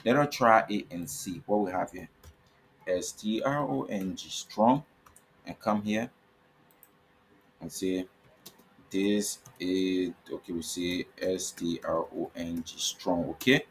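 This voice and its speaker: Speaking slowly in a low voice, this man pauses often while slight background noise runs underneath. His screen-recorded coding lesson is repetitive: he spells tag names one letter at a time and keeps asking "okay?"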